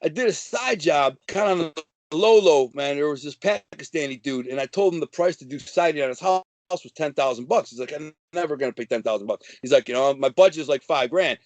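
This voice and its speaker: A man's voice: a little high, fairly quick, no room sound. A man telling a wild story in casual, brash, slangy talk. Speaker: guest telling prison-life stories.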